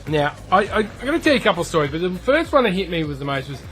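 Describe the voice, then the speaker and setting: A man's voice: sits high, very animated, rapid-fire, a bit bright. Chatty Australian man over game music. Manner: chatty, rambling, self-deprecating. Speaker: gaming YouTuber. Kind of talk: casual storytelling over gameplay.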